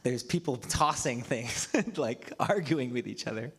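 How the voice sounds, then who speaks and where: A man's voice: mid-range voice, lively intonation, a little slow, fairly bright tone, breathy edge. A man preaching a casual, storytelling sermon as a pastor, often breaking into laughter between remarks. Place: church livestream.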